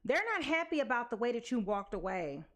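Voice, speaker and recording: Woman, tarot reader, sleepy, sassy and chatty, slightly high voice. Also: big pitch swings, a little fast. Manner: chatty and sassy, drops slang and pet names. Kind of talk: casual tarot card reading to camera.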